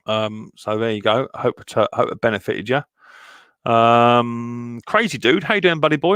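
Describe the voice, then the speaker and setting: A man hosting a live stream chats casually in a medium-pitched, clean, slightly bright voice at a moderate pace, greeting viewers by name amid plenty of ums and easy asides. The sound is dry and close, with no room echo.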